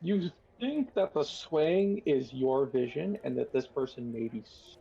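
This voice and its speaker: A man narrates a tabletop game as its game master, taking his time over each description. His voice is gravelly and a little husky, and his delivery is slow and deliberate. The recording sounds dull and lo-fi. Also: mid-range voice, animated, dark tone. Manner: unhurried, descriptive, many fillers.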